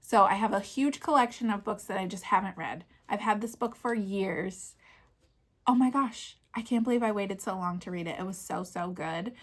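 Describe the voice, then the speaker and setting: Woman, 30s, vlogger, casual chatty gusher, medium pitch. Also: moderate pace. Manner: chatty and gushing, lots of fillers. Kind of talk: casual book chat.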